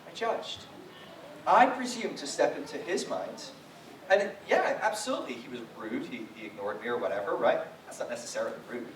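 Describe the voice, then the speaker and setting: A man gives a conversational sermon as a guest preacher, full of personal stories and quick asides. His voice sits at an ordinary pitch. It is heard from a distance in a roomy, echoing church hall with a faint hiss underneath. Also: expressive. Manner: chatty, frequent "right?" asides, acts out quotes. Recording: echoey hall, distant mic, faint noise.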